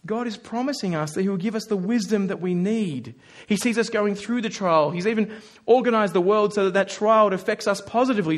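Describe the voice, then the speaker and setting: A man delivers a sermon to his congregation in a fairly high voice. He keeps it animated and conversational and slips into the voices of the people he quotes. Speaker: preacher.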